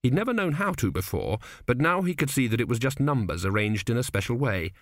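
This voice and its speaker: A man reading an audiobook aloud in a measured, wry storytelling manner. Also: medium pitch, big pitch swings, a bit bright, dry recording, clean studio sound. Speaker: audiobook narrator. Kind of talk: scripted narration.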